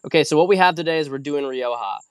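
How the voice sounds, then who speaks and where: Smooth-voiced man chatting, dry close sound. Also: a little high, fast talker, dry recording. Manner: rambling, self-correcting, conversational teaching. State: a little tired after a long hike. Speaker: host. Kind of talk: casual solo video chat and wine lesson.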